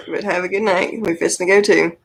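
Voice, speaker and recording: Gravelly laughing woman. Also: fairly low pitch, fairly even intonation, moderate pace. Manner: laughs a lot, playful, gravelly. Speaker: live stream co-host. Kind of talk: casual chat signing off a live stream.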